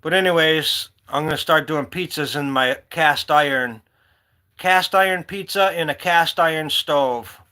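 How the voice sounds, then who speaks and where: A man chatting away on a livestream, his voice bright and forceful. He drifts between stories and talks to viewers by name. His pitch sits a little high for a man. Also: measured pace, smooth. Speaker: livestream host. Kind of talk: casual live-stream chat.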